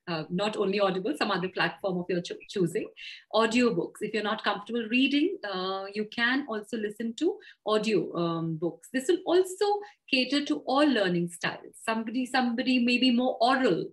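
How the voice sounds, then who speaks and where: A woman's voice: mid-range voice, brisk, low-quality recording. A woman with an Indian English accent, a communication trainer giving practical advice in an interview, thoughtful and full of fillers and self-corrections.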